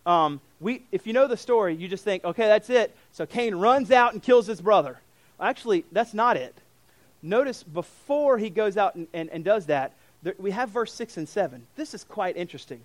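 Young male pastor with a high voice, lively preaching style, restarts and fillers, dry close sound. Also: normal speed, no echo. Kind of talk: sermon.

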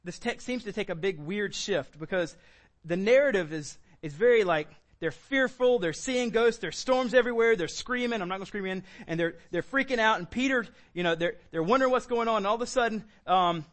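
A man preaching a sermon as pastor, animated, acting out quoted lines with sudden high bursts. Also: brisk.

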